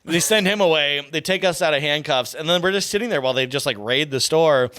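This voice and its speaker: Bright-voiced, laughing storyteller man. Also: on the high side, fast. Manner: rambling, profane, laughs a lot while telling. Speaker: podcast talker. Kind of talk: casual storytelling. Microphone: podcast studio mic.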